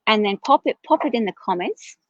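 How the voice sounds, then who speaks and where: A woman's voice: medium pitch, animated, a little fast, a bit bright, no room sound. Woman tarot reader on a live stream, tired and talkative, mid-range voice, muffled and dry audio. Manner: chatty, rambling, self-correcting.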